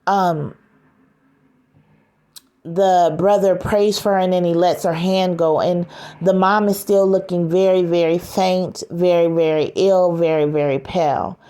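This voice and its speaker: Brief: woman recounting a scene, hesitant and unhurried, dark mellow tone. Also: on the low side. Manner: hesitant, many filler sounds. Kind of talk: casual retelling of a story scene.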